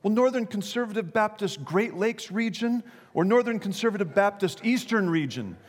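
A man's voice: high-pitched, animated, normal speed, voice pushed up. A man voicing an eager passerby who keeps quizzing a stranger with ever narrower questions. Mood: chummy. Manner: bright, chummy, ever more picky. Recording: long reverberant hall.

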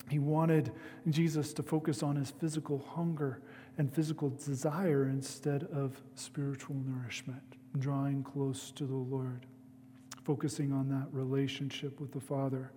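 A man preaching a sermon as a pastor, speaking in a measured way with pauses. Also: medium pitch, mellow, big-room sound, a little hiss or hum.

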